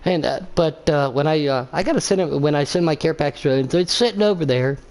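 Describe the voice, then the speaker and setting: A man's voice: a little high, a little fast, darkish tone. A man giving live sim racing commentary as host, rambling and joking with plenty of filler words. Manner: rambling, jokey, lots of fillers. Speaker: race commentator.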